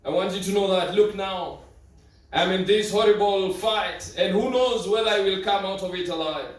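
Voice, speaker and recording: A male preacher voicing a frightened young soldier writing a prayer to God, hushed and earnest, as he tells the story in a sermon. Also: high voice, normal speed, lightly acted. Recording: echoey church, far from mic.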